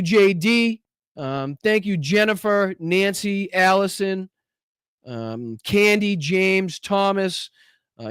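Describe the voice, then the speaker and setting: A man's voice: on the high side, fairly bright tone, clean tone, no echo, clean studio sound. A man hosting a political livestream, talking casually with a Boston accent, heated and repetitive, with lots of fillers and restarts. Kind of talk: casual livestream commentary and viewer shout-outs.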